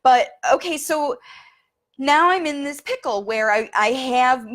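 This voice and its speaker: A woman's voice: sits high, expressive, a little slow, fairly bright tone. Middle-aged woman rambling casually on a live video, lots of um and you know, sometimes a bit teary. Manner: chatty, many fillers and restarts; gets emotional, teary. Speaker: speech and language coach.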